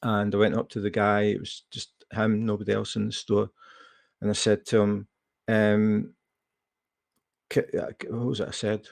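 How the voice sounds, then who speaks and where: A Scottish man hosts a live chat, spinning a rambling anecdote full of fillers in casual storytelling style. His lowish voice is completely flat, at normal speed, with vocal fry and long pauses, and there is no room sound.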